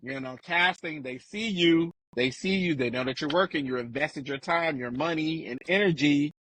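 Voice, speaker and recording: A middle-aged man from Chicago, guest in a casual interview, telling stories animatedly and acting out quotes with big pitch jumps. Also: moderate pace, a bit bright, a little hiss or hum.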